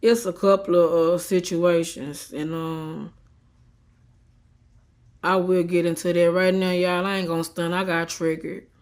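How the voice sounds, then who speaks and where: Holding her phone at arm's length, a woman still teary from crying vents defiantly in a selfie vlog rant. Her voice is fairly low, level and somewhat dark, a little slow, and her mood shifts between subdued and heated.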